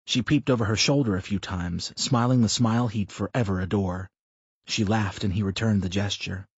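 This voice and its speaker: A man narrating an audiobook in a steady, measured reading, in a slightly muffled recording. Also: fairly low pitch, breathy edge, dry recording. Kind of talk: scripted narration.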